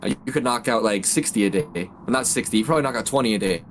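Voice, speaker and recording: A man's voice: fairly low pitch, fast talker, slight background noise. A man streaming a game, chatting casually and loosely with lots of slang. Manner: laid-back, slangy, says dude and bro. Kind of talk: casual gaming chat.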